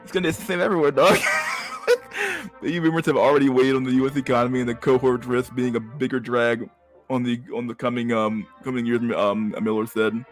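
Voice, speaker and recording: A man's voice: mid-range voice, little pitch movement, brisk, soft background music. A man hosting a podcast, reading a news article aloud and breaking off into profane, slangy asides. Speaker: podcast host.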